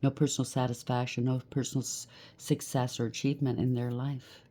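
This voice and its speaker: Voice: mid-range voice, level tone, a little fast, mellow. A tarot reader giving a collective reading, blunt and emphatic, rattling off lists of traits and often checking in with "okay?".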